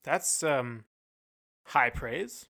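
A man's voice: medium pitch, lively intonation, drawn-out words, gravelly, sharp tone. A man from California with a Californian accent, co-hosting a casual music review chat with hesitant, dry humor. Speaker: podcast co-host.

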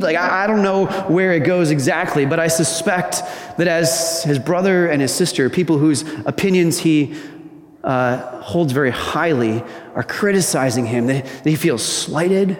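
A male pastor delivers a sermon, talking to the congregation in a conversational way and asking them questions. His voice sits high. The room rings with a long, echoing reverb. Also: unhurried. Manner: conversational, quizzes the congregation, acts out quoted voices. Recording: echoey hall with long reverb.

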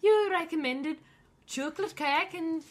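A woman co-hosting a casual comedy chat, teasing the others with quick quips. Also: very high-pitched, slight background noise. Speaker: podcast co-host.

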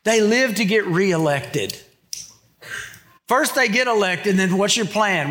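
High-voiced preacher. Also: male voice, expressive, measured pace, long pauses, fairly bright tone. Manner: conversational preaching, acts out quotes. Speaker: pastor. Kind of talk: sermon.

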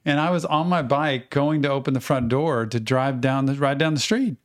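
A middle-aged man co-hosting a podcast, telling childhood stories in a casual, animated way and acting out the quotes. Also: mid-range voice, moderate pace. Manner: animated anecdotes with acted-out quotes. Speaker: podcast co-host. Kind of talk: casual storytelling chat.

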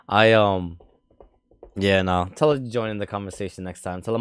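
Joking young man with a smooth voice. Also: lowish voice, fairly even intonation, measured pace, long pauses. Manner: joking, laughs often, loud speaker. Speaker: podcast host. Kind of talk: casual chat.

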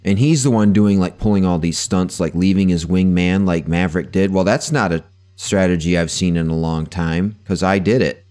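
A young man talking through a film with friends in a relaxed podcast chat. His voice sits fairly low and he laughs easily, cutting in eagerly when he has a point to make. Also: moderate pace. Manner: animated, laughing, jumps in and interrupts. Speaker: podcast co-host. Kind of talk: casual movie discussion.

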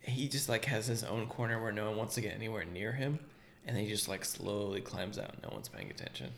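A man's voice: lowish voice, lively intonation, fairly quick, creaky, a bit bright, a little hiss or hum. A man hosting a podcast, casually laying out the rules of a game with playful, emphatic asides. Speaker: podcast host running a game segment. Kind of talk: casual chat.

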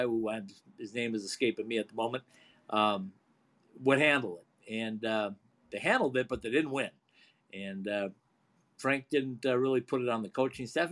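Rambling male sports radio host. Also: medium pitch. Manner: rambling, filler-heavy, chuckling. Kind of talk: casual sports radio chat.

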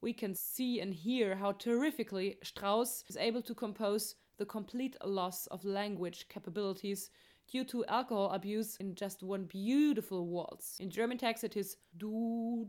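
A woman's voice: medium pitch, measured pace, a little mellow. A woman walking through the plot of an operetta in a light, chatty tone, tossing in jokes along the way. Her voice sits in an ordinary middle range. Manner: chatty, joking asides. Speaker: opera plot explainer. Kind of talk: playful plot summary narration.

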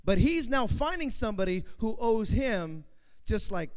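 Guy preaching a sermon, high voice that jumps all over, loud then hushed. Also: very animated, moderate pace, clean tone. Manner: talks to the congregation directly. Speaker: pastor.

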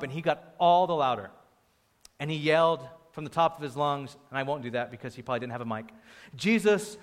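A young man preaching a sermon in an animated way, acting out the crowd's voices and raising his voice for emphasis. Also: on the high side. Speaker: pastor.

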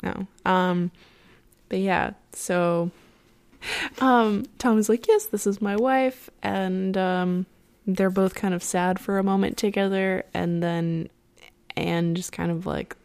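A young woman chatting casually as she retells a story, full of "like"s and little laughs. Her voice is lowish and crackles with steady vocal fry. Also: slow. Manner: rambling, many fillers and "like"s, laughs often. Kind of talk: casual chat, retelling an opera plot.

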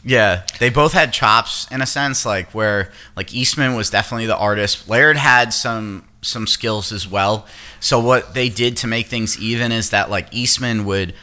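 A man's voice: on the low side, moderate pace, pushed and bright. A man hosting a casual podcast chat, rambling, swearing now and then and explaining at length. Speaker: podcast host.

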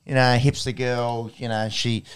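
A man's voice: medium pitch, little pitch movement, moderate pace, clean tone. Jokey man, casual podcast chat. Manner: chatty, jokey, trails off in restarts. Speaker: podcast co-host.

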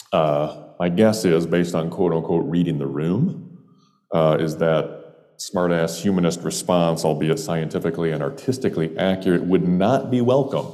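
A man from Jamestown, in upstate New York, US, tells a humorous personal story in a wry, meandering way full of playful digressions. His voice is very deep and warm, with a big-room sound.

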